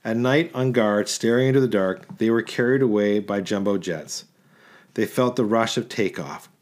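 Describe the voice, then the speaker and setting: Man, audiobook narrator, literary story reading, measured rhythmic delivery, fairly low voice.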